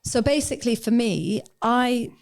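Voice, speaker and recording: A woman's voice: on the high side, expressive, measured pace, vocal fry, a little mellow. A middle-aged woman from England raised in Ireland, a guest on a podcast, talking frankly and reflectively, and acting out her own past thoughts. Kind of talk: candid podcast conversation.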